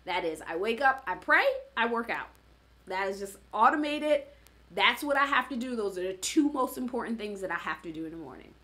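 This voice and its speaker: A woman's voice: fairly high pitch, lively intonation, a little fast, sharp tone. A woman who works as a fitness coach, giving a conversational motivational talk and often checking in with "right?". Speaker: fitness coach and former studio owner.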